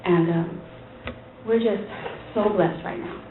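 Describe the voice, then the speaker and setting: A woman, a pastor's wife, tells her church testimony to a women's group as an animated story, acting out the dialogue and laughing often. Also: medium pitch, takes it slowly, a little hiss or hum. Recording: tinny, phone-like recording in an echoey hall.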